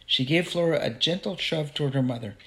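A man narrating a children's novel aloud in an expressive, unhurried way. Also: a little high. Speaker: audiobook narrator. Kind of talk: storybook narration.

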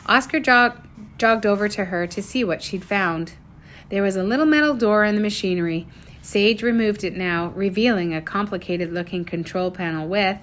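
A woman narrating a children's adventure story aloud, reading in an animated, expressive way. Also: mid-range voice, moderate pace.

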